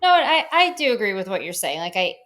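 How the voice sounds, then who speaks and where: A woman's voice: medium pitch, very animated, quick pace, fairly bright tone. A woman guest on a podcast, talking things through thoughtfully in a casual conversation. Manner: thoughtful, explains at length with frequent restarts.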